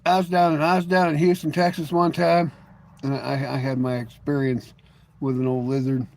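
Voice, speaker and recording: A middle-aged man hosts a casual live stream, rambling between stories and jokes with his viewers. His voice sits a little high for a man, and he fills his talk with "you know" and restarts. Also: flat delivery, moderate pace, darkish tone.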